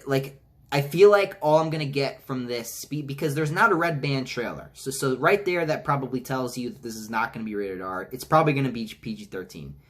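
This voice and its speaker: A man giving a casual trailer reaction, rambling with many restarts and some swearing, and mocking lines in high-pitched voices. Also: brisk, a bit bright. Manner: rambling, frequent restarts and profanity. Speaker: movie reviewer.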